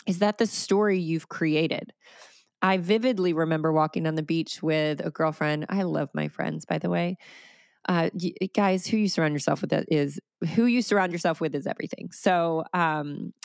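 A woman in her thirties talks through her podcast with energetic, animated storytelling. Her voice sits a little low. It is recorded close and dry, with no room sound. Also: no echo. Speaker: podcast host. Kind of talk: solo podcast talk.

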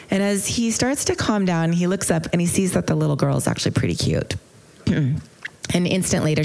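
In a low voice with vocal fry, a woman teaching a mindfulness retreat tells a story during her lecture. She sounds earnest and reflective and hesitates gently as she goes.

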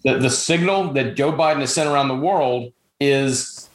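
A man's voice: medium pitch, a little fast, hardly any pauses, echoey room, slight background noise. A man hosting a political talk show, blunt and opinionated, with frequent fillers. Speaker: podcast host. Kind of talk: political chat.

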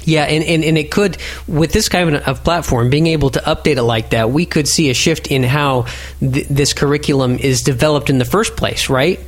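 A man's voice: on the high side, moderate pace. A man hosting a podcast, teasing his guests and steering the chat. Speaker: podcast host.

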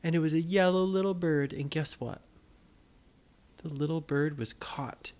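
A man slowly telling an improvised bedtime story to a child, gently asking the listener questions as he goes. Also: a little high.

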